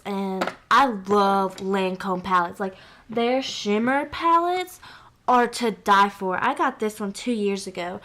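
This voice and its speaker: A young woman beauty vlogger chats casually through her makeup routine, gushing and filling her talk with lots of fillers. Her voice sits at a medium pitch and moves at a measured pace, with a pushed, bright quality.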